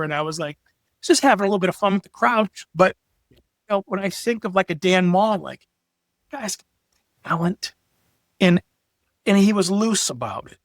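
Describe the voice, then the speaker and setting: Middle-aged guy, high voice, super animated and swears a lot, acts out stories, dry close mic. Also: moderate pace, pauses often, no room sound. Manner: animated storyteller, profane, acts out quotes. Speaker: podcast guest, graphic designer. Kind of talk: casual chat.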